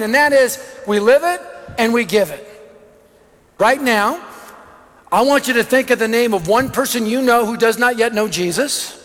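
A man's voice: very high voice, a bit bright. A middle-aged man preaching a sermon, telling stories with energy and punchy lists. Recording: long reverb of a large hall.

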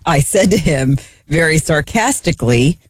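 A woman's voice: deep voice, expressive, normal speed, slightly rough, no room sound. Chatty woman, dry close sound. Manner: chatty, rambling, sarcastic with laughs. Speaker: guest shopper. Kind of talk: casual chat.

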